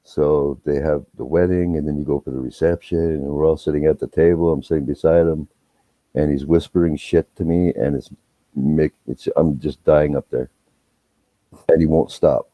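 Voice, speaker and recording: A man's voice: extremely low pitch, normal speed, no room sound. A man casually telling rambling, profane family stories on a live stream. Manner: profane, rambling, animated when retelling quarrels. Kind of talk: casual storytelling chat. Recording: dull, muffled audio.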